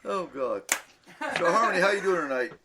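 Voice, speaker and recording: Over crowd noise, a radio talk show host with a high-pitched, expressive voice speaks briskly. He tells casual anecdotes, does the voices of people he quotes, laughs often, and relies on frequent fillers.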